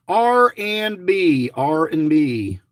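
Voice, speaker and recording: A man's voice: high-pitched, big pitch swings, very slow, fairly bright tone, dry recording, clean studio sound. A middle-aged man giving chatty, rambling running commentary to his viewers, grumbling and joking as he goes. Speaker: lottery scratch-off vlogger.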